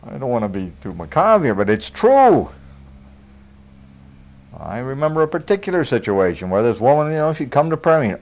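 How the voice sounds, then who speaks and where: A man preaches in a homespun, folksy sermon, chuckling often between points. His pitch swings up and down with lively emphasis. The recording sounds dull and lo-fi. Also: normal speed. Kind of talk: conversational sermon.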